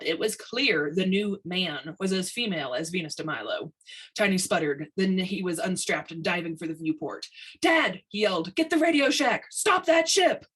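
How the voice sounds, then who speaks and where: A woman reading a science fiction short story aloud, expressive storytelling. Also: on the low side, breathy edge, rough recording. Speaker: story reader.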